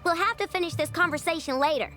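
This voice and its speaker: A woman voicing a tiny, excitable floating girl companion in a game, with a squeaky, chirpy, urgent voice. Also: quick pace. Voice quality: squeaky, high-pitched. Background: loud game music.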